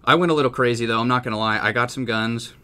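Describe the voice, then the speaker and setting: A man's voice: mid-range voice, quick pace, bright, forceful tone, smooth. A young man from Texas telling a story in casual chat, rambling and swearing freely. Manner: profane, rambling, laid-back. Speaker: music producer.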